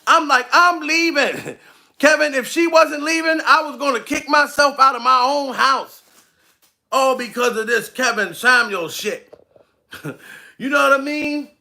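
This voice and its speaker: High-pitched gravelly male comedian ranting. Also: measured pace, sharp tone. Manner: profane, frequent laughs, addresses target directly. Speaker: comedian streaming live. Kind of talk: comedic rant to camera.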